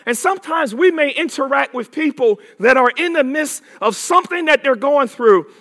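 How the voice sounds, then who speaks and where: A man preaching a sermon with emphatic repetition, drawing words out and rising to shouts. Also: extremely high pitch, animated, moderate pace.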